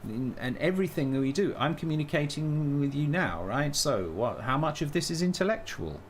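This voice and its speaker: A man with a slightly high, animated voice speaks at normal speed over slight background noise. Talking casually on a live stream, he thinks aloud, restarts and corrects himself a lot, and shares blunt opinions.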